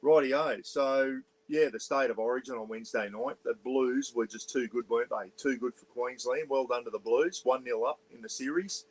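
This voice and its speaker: This livestream host, an Australian man, chats loosely on an iPad indoors in a small caravan, welcoming viewers and reading out what they write. His mid-range voice stays quiet out of consideration for the neighbours, moving at a moderate pace with few pauses. The recording sounds rough.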